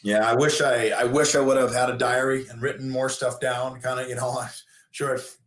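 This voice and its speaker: A man's voice: mid-range voice, flat delivery, fairly quick, fairly bright tone, reverberant. A middle-aged man, a former hockey player and coach, telling stories casually as a podcast guest, full of fillers and restarts. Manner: rambling, many fillers and restarts. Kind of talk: casual storytelling in a podcast interview.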